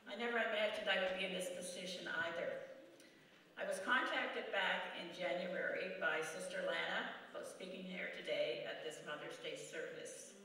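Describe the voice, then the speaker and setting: Older woman from canada, reading prepared remarks, careful and formal, bright voice, echoey church from far off. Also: lowish voice, steady tone, moderate pace. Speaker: guest speaker at a church service. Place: church sanctuary.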